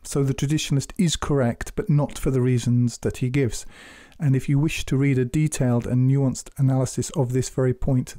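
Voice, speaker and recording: A man giving measured, earnest spoken commentary on scripture, exhorting his listeners. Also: mid-range voice, warm tone, no room sound, clean studio sound. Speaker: Quran commentator.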